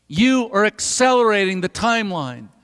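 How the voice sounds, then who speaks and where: A man preaching in a church sanctuary, his voice pitched high and carrying a long reverberant tail. He builds phrases with deliberate pauses and lets them fall to a near hush at the end. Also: very animated, clear, resonant tone. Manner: dramatic pauses, drops to a hush at phrase ends. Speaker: pastor. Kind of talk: sermon. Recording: reverberant hall.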